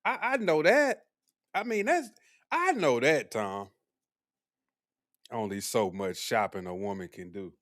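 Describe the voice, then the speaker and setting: A young man hosting a casual live stream, animated and teasing as he talks back to his chat. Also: mid-range voice, measured pace, long pauses. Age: young adult.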